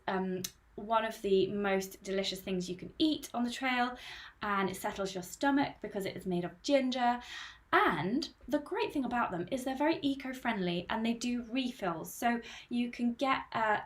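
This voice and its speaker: A chatty woman in her thirties hosts a live stream from home, talking straight into her camera mic. Her voice sits at an ordinary middle pitch, neither high nor low. She rattles on in an upbeat, casual way and keeps reading out comments from her viewers. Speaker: host of a running channel live stream.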